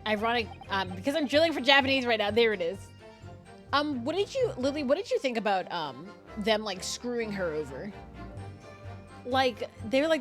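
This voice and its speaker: A woman streamer chatting casually during gameplay, animated, laughing and swearing freely. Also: fairly high pitch, moderate pace, long pauses. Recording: game music behind.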